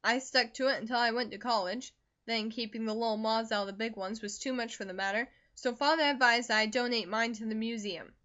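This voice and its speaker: A woman voicing a talkative young man who is recovering from a fever, brisk and jovial, in an audiobook reading. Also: fairly high pitch, bright, forceful tone, lo-fi sound.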